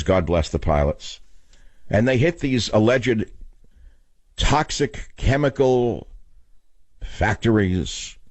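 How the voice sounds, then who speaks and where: A man's voice: fairly low pitch, darkish tone, no room sound. An older man hosting a political talk radio show, lecturing his listeners in a combative, emphatic monologue.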